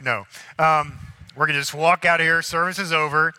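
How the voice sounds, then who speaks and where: A man preaching a sermon as a pastor, telling lively stories and acting out the people in them. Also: fairly high pitch, normal speed, smooth. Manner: animated storytelling, acting out people in anecdotes. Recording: long hall reverb.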